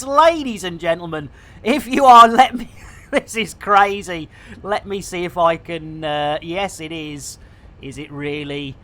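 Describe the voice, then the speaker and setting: A woman streaming live, chatting casually in a bubbly, jokey way, with bursts of shouting and laughter. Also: lowish voice.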